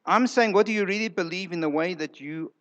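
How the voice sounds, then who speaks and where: A man's voice: high voice, a little fast, lo-fi sound. A male pastor preaching a sermon in a church, emphatic, repeating words for effect and acting out quoted lines.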